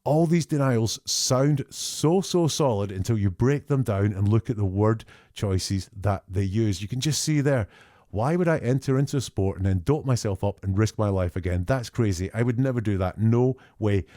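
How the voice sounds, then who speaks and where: Mellow-voiced man dissecting statements. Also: lowish voice, moderate pace, no echo, studio quality. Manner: conversational, picks apart quotes word by word. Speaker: statement analyst host. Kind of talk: analytical commentary.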